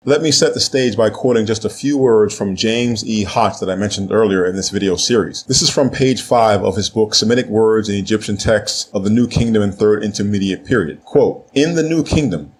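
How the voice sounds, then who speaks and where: A man with a somewhat low voice delivers a scripted lecture. He explains steadily and methodically, with a faint hiss of noise behind him. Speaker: teacher. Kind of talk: scripted narration.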